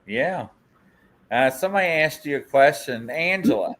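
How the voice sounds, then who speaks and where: A man's voice: a little high, lively intonation, normal speed, a bit bright. A man hosting a podcast in casual chat, offering brief reactions and prompting his guest with questions. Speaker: podcast host.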